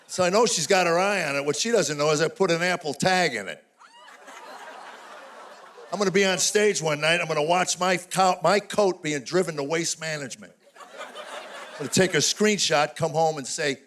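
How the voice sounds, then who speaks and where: An older man performing live stand-up comedy on stage, telling rapid-fire stories with exasperated punchlines. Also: a little high, fairly bright tone. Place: stage before a live audience.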